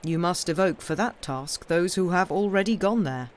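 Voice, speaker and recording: A woman voicing a weary male naval officer who speaks in a steady, dry, faintly mocking tone. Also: fairly low pitch, moderate pace, natural voice.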